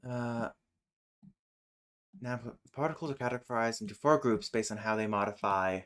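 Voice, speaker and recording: Speaking at normal speed in a mid-range, slightly bright voice, a man casually reads linguistics material aloud during a live stream chat. He swears, corrects himself, and breaks into exasperated rants.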